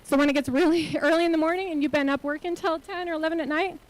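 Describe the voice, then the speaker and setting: A woman with a high-pitched voice delivers a motivational keynote into a stage microphone. She talks earnestly and keeps firing rhetorical questions at the audience. Her tone is that of a nonprofit leader urging listeners to commit. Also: fairly even intonation, fast talker, poor audio. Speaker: keynote speaker and nonprofit CEO. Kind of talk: motivational conference talk. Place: conference hall stage.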